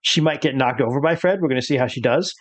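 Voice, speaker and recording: A man running a tabletop horror game as game master, explaining rules with many pauses and fillers. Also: mid-range voice.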